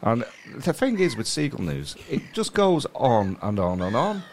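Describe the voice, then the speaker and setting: A man's voice: mid-range voice, big pitch swings, unhurried, slight background noise. A man co-hosting a casual comedy podcast, rambling and reading a news story aloud with wry asides. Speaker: podcast co-host.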